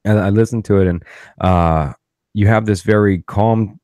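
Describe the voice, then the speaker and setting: Profane, ranting man, low voice. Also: normal speed, dark tone, no room sound, clean studio sound. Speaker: podcast host. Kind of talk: casual podcast chat.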